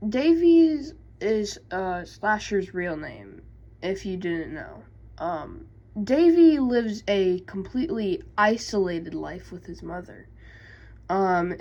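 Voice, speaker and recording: A woman's voice: mid-range voice, darkish tone, muffled recording. A woman casually recapping video game lore, hesitant, with many fillers and self-corrections. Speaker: YouTube creator.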